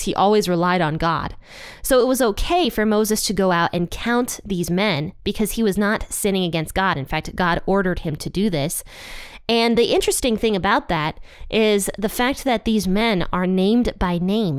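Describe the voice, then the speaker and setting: A woman teaching a casual Bible lesson, chatty and self-deprecating, slowing down to stress key points. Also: medium pitch, clean tone, dry recording, studio quality. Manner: chatty, laughs at herself, slows down to stress points.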